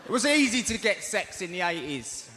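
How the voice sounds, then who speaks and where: A man with a Cockney accent doing stand-up, telling animated stories and acting out voices, on a theatre stage mic. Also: high-pitched, moderate pace. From East End of London. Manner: animated storytelling with acted-out voices. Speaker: stand-up comedian. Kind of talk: stand-up comedy. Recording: echoey theatre, loud noise. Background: audience laughter.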